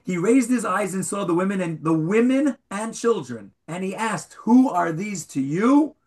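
A man's voice: high voice, normal speed. A man teaching an interactive Bible class to a small group, questioning his students and reading verses aloud. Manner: animated, questions the students, reads Hebrew aloud.

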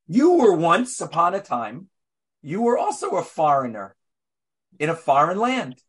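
A man, a rabbi, delivering a sermon, telling the story with animated rhetorical questions and swinging between loud outbursts and hushed asides. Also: a little high, measured pace, breathy edge.

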